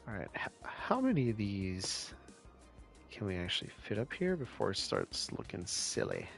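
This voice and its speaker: A man's voice: fairly low pitch, huge pitch swings, moderate pace, vocal fry, fairly bright tone, soft background music. A man from California chatting casually with viewers while he plays a city-building game on a live stream. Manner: laid-back, chatty, answers chat questions.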